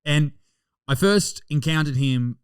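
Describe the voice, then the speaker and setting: A man's voice: fairly high pitch, slow, clear, resonant tone, no echo. A man with an Australian accent hosting a comedy podcast, joking and swearing in casual banter. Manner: profane, joking, animated. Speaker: podcast host.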